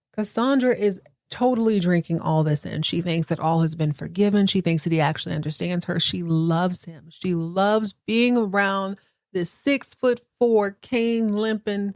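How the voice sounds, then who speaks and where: A woman's voice: mid-range voice, dry recording, studio quality. A woman hosting a podcast, giving a comic recap of a soap opera with sassy, slangy asides. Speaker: podcast host. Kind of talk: comedic TV recap.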